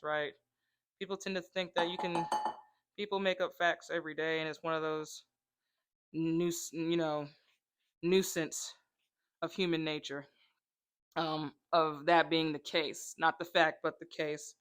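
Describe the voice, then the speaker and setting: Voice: mid-range voice, bright, forceful tone, clear, resonant tone. A comedic vlogger in a rambling monologue who jumps between tangents and acts out the voices of people in the stories.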